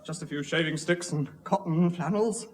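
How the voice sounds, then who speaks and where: An actor playing a timid, flustered customs officer who pleads and wheedles in sketch comedy. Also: male voice, fairly high pitch, moderate pace, natural voice. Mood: pleading. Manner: pleading and wheedling, breaks into giggles. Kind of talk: 1960s sketch comedy acting.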